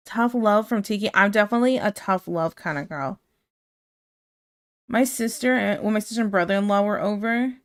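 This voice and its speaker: A woman streaming casually, chatting and laughing as she reads out her chat. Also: mid-range voice.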